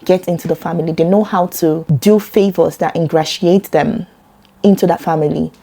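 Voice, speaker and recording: A Nigerian woman talking earnestly to camera about a personal topic, getting animated when she quotes other people. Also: lowish voice, normal speed. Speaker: vlogger.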